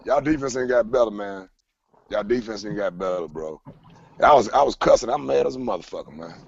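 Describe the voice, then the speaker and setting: A man's voice: on the low side, brisk, creaky, dull audio. A man hosting a casual sports talk show, heated and rambling, swearing constantly. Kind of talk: casual profane sports chat.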